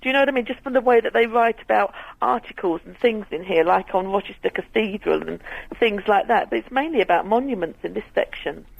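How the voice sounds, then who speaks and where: A woman calling in to a radio show over a dry, husky phone line. Her voice is fairly high and very lively in pitch, with a gravelly fry. She talks in a chatty, giggly way and often stops and restarts. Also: a little fast, hardly any pauses, dry recording. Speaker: radio caller. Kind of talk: phone-in chat. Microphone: telephone.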